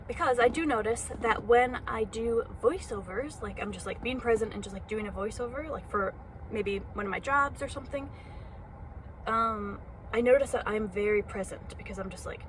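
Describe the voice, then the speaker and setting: Background noise surrounds this young woman's fairly high-pitched voice as she vlogs from a parked car. Talking into her phone, she rambles in a self-conscious monologue packed with fillers.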